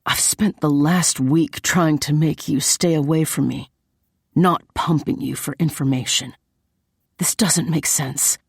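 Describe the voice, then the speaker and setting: A woman reading an audiobook, voicing a young man who keeps his voice low and even. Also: a little slow, gravelly, breathy edge, no echo, clean studio sound, full character voice. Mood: placating.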